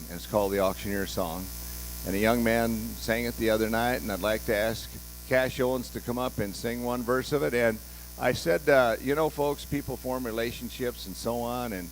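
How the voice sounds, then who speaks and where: A man hosting a graduation ceremony, speaking to the class and the audience in a halting way, with many fillers and restarts. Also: medium pitch, slight background noise. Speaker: auction school leader hosting a graduation.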